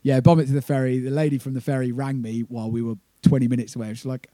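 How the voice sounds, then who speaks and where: A man's voice: medium pitch, fairly even intonation, rapid-fire, few pauses, mellow, no echo. A man telling a rambling, swearing tour story with laughs in casual chat. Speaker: touring band member.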